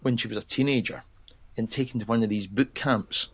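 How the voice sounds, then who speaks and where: A man's voice: medium pitch, steady tone, fairly quick, fairly bright tone, husky. Chatty man laughing through his recommendations. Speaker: podcast co-host. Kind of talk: casual chat.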